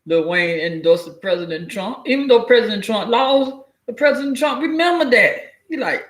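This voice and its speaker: Animated profane man in echoey room. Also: very high voice, normal speed, hardly any pauses. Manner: loose, profane, animated storytelling with mock quotes. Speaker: commentary vlogger. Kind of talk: casual spoken commentary.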